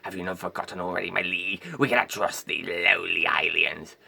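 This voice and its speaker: A man's voice: low voice, little pitch movement, a little fast, creaky, pushed and bright, voice pushed down, full character voice. A man voicing a stern, distrustful old male fish advisor, disdainful and formal, in an amateur game voice-over. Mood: scornful.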